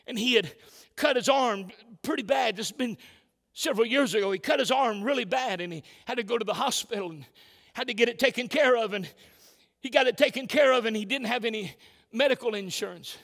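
A man's voice: very high-pitched, brisk, gravelly, a bit bright. A man preaching a sermon as pastor, often repeating "can I tell you" and restarting his words as he drives his points home. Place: church sanctuary. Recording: long hall reverb.

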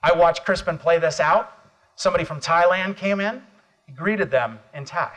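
A middle-aged American man giving an energetic motivational keynote at a conference, calling on the audience for responses. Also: on the high side, normal speed. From United States. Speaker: motivational speaker.

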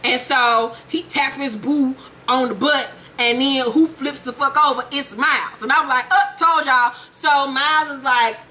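Woman, high bright voice, sassy profane gossip recap, slight background noise. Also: fairly even intonation, measured pace. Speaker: host recapping a reality show.

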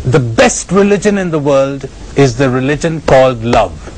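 A man with an Indian accent giving a spiritual lecture, telling stories emphatically with dramatic pauses and chuckles. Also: mid-range voice, expressive, darkish tone, poor audio. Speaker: spiritual retreat speaker.

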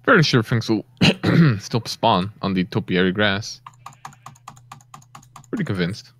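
A man co-hosting a casual gaming session, joking and teasing his friends in an animated way. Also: lowish voice, slow, no room sound. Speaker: gaming podcast co-host.

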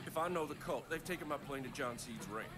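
A man's voice: mid-range voice, fast talker, a bit bright, close to an everyday voice. An actor playing a desperate rural pilot and family man in a video game, pleading and swearing. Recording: game audio with music behind. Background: game music.

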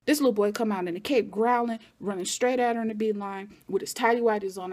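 Animated woman recapping a TV episode. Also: medium pitch, fast talker. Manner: animated, talks back at the characters. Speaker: TV recap vlogger.

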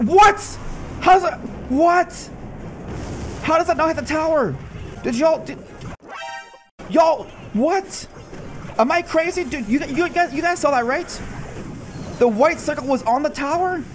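A man with a high, very lively voice comments on his own game matches in casual streamer fashion. He swings from quick, low asides to loud, incredulous shouts. Soft music plays underneath. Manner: excitable, bursts into high disbelieving shouts. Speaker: gaming channel host. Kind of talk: live gameplay commentary.

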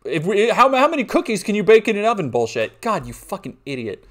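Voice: medium pitch, sing-song, fast, fairly bright tone. Scornful, swearing reaction streamer. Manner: profane, scornful, sarcastic. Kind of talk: live-stream reaction commentary.

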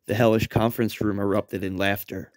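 A man in his thirties narrating a story in a deadpan, wry, profane way. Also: fairly low pitch, fairly quick, dry recording, clean studio sound. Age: 30s.

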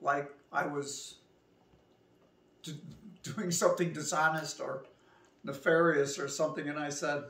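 A woman's voice: deep voice, steady tone, unhurried, pauses often, a bit bright. A woman telling a restaurant story in a casual vlog, acting out both sides of the conversation herself. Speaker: vlogger. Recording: echoey room, voice from a distance.

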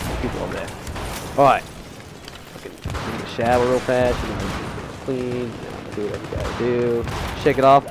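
A teenage man giving profane, excitable commentary on his own gameplay in a put-on accent, with game gunfire behind him. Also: medium pitch, noisy background. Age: teens. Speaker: gamer.

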